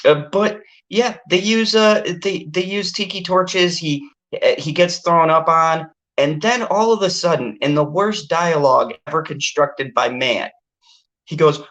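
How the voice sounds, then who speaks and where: A woman's voice: measured pace, highs cut off. A woman hosting a casual movie review chat, ranting and swearing in exasperation. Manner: exasperated, swearing, ranting with animated pitch jumps.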